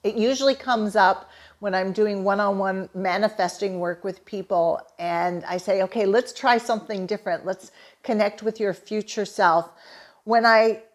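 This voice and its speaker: A middle-aged woman from Canada, a holistic therapist, telling a personal story with earnest, emotional enthusiasm. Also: mid-range voice. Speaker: holistic therapist and manifesting coach.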